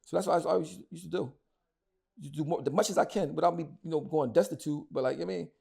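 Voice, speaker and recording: A man's voice: a little high, quick pace, gravelly, warm tone, husky. A middle-aged man, talking as an interview guest, angry and emphatic, repeating himself and cursing a lot. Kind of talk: heated casual interview talk.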